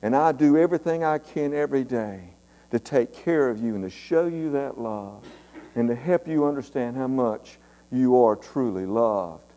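A preacher voicing a stern loving mama. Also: male voice, mid-range voice, lively intonation, moderate pace, mellow, close to an everyday voice. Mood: tender stern. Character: loving but stern country mother. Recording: long church reverb.

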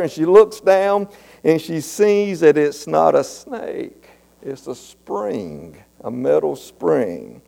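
A pastor with a mellow, creaky voice on the high side preaches in a church sanctuary, with long reverb trailing his words. His storytelling sermon is folksy and earnest, and he often repeats himself.

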